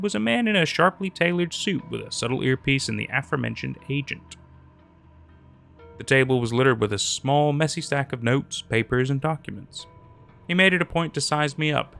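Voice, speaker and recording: A man narrating a first-person horror story in a measured, scripted way. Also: mid-range voice, creaky, a bit bright. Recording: narration over faint music.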